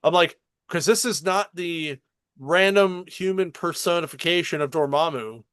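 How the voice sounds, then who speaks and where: Guy on a comics podcast getting hyped retelling a scene, swears a lot, smooth clear voice, dry close sound. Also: fairly high pitch, moderate pace, no room sound. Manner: excited storytelling, swearing, acting out dialogue. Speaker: podcast co-host. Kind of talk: casual chat, retelling a show.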